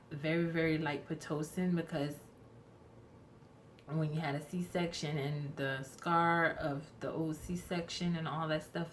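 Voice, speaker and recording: A woman's voice: deep voice, a little hiss or hum. A young woman telling a rambling, chatty storytime to her viewers, often correcting herself as she goes. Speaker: vlogger. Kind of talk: casual storytime vlog.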